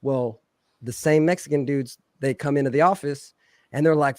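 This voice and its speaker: A man's voice: a little high, normal speed, no echo, clean studio sound. A man telling a long, profane story on a casual podcast, acting out the people he quotes. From Philadelphia. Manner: profane, animated, acts out quoted voices loudly.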